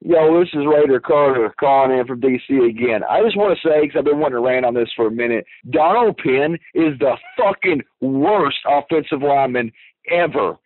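A caller phones in to a fan radio show for an angry rant, raging furiously and swearing constantly. His voice is medium-pitched at a moderate pace. The phone line sounds tinny and dry, with no echo.

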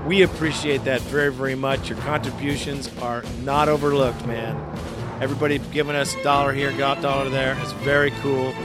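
A man hosting a sports fan podcast, talking in a fired-up, rough way, cursing and laughing often. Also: medium pitch, level tone, a little fast, over music. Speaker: podcast host. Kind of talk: casual fan podcast talk.

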